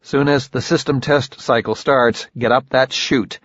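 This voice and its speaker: A man voicing a sardonic male dock insider who gives brisk instructions in an audiobook. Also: medium pitch, steady tone, fairly bright tone, no room sound. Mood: instructive. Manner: brisk instructions, dry sarcasm. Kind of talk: audiobook character voice. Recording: dull lo-fi recording.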